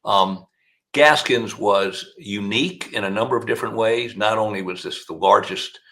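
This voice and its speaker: A man's voice: fairly low pitch, normal speed. An older man with a Southern accent, a defense attorney telling long courtroom stories as an interview guest. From South Carolina. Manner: gravelly, animated storyteller. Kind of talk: storytelling interview answers.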